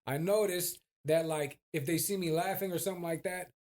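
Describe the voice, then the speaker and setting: A man co-hosting a podcast, chatting casually in heavy slang and telling stories with animated flair. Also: sits high, fairly quick. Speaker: podcast co-host. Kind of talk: casual chat.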